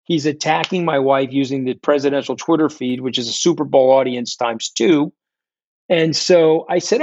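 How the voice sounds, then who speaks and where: A man's voice: medium pitch, moderate pace, a little mellow, dry recording, highs cut off. A middle-aged man, a guest in a candid interview, telling his story in a blunt, profane, combative way. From New York. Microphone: remote call.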